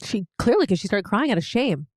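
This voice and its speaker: A woman's voice: mid-range voice, big pitch swings, a little fast, dry recording, clean studio sound. A woman co-hosting a podcast, chatting casually and telling anecdotes in a wry, teasing way. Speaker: podcast co-host. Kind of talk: casual chat.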